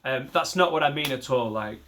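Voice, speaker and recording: A man's voice: medium pitch, fairly quick, a bit bright, slight background noise. A man doing a rambling, self-deprecating and sweary stand-up set from his home garage into a laptop mic. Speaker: stand-up comedian.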